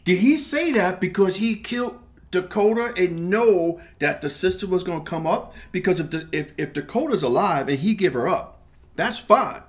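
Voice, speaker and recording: A man co-hosting a podcast, recapping a TV episode in casual chat, emphatic and animated as he talks over his partner. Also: high-pitched, normal speed. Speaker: podcast co-host.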